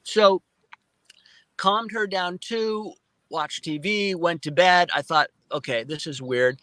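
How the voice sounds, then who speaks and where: A male guest on a live interview recounting a personal experience in animated storytelling, restarting and repeating words often and acting out his own remembered speech. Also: high-pitched, takes it slowly, no room sound, low-quality recording. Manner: excited retelling with frequent restarts and repeated words; acts out his own past speech in quotes. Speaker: guest, film producer.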